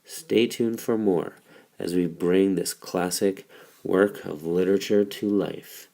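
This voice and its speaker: A man's voice: deep voice, fairly even intonation, slow, gravelly, mellow. A man teaching a recorded literature lesson, explaining step by step in a casual way.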